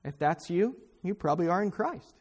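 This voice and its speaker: A man's voice: high voice, expressive, moderate pace, a little mellow, breathy edge. A man preaching a sermon in a fervent, exhorting way, speaking straight at his listeners with sudden emphatic bursts. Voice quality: pointed, direct address to listeners.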